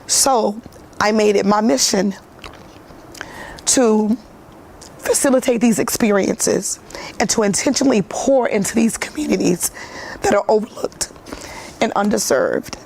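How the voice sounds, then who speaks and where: Earnest female TV guest, gravelly voice, faint hiss behind, moved while telling her story. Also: mid-range voice, a little slow, pauses often, a little mellow. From United States. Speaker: foundation founder, guest. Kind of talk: morning TV interview.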